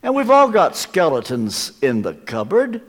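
A male preacher with a fairly high, very lively voice, pressing points hard and then dropping to hushed asides. His sermon rings out with a long reverb that fills a large church hall. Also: a little slow. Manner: emphatic, swings from loud stresses to hushed asides.

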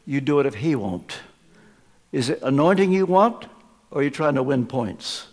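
A man preaching a sermon at a live church service, emphatic, swinging from loud stresses to hushed asides. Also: mid-range voice, big pitch swings, moderate pace. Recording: long reverb of a large church.

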